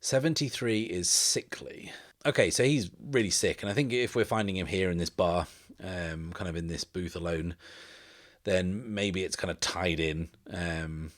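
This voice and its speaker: A man's voice: low voice, moderate pace. A man narrating a solo tabletop game as host, thinking aloud in a casual way.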